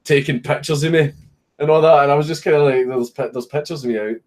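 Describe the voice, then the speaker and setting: A man's voice: on the high side, steady tone, fast talker. A young Scottish man, a streamer, casually telling a story with lots of swearing and laughing at his own punchlines.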